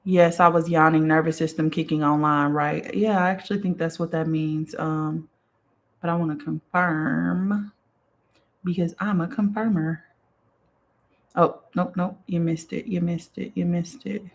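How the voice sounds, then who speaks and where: A woman hosting a spiritual live stream, reading viewer comments aloud in casual chat and affirming them with a steady "okay" and "period". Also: on the low side, unhurried. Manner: affirming, repeats "okay" and "period", relaxed and chatty; yawns and sighs now and then.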